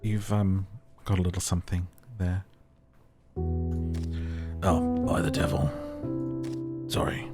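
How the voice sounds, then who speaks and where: Guy doing a bumbling bearded trucker who keeps stammering, deep voice, music behind. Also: flat delivery, slow, long pauses. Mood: flustered. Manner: hesitant, stammering. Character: awkward, bumbling bearded male truck driver.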